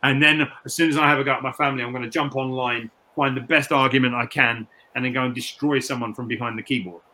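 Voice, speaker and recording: Bright-voiced British man reflecting in an interview. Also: mid-range voice, fairly even intonation, fast talker. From United Kingdom. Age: middle-aged. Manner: reflective, repeats words and restarts often. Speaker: interview guest, personal trainer. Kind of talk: candid interview conversation.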